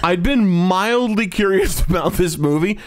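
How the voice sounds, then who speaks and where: A man's voice: sits high, unhurried. A man co-hosting a casual movie podcast, ranting bluntly and swearing freely. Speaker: podcast co-host. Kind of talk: casual movie review chat.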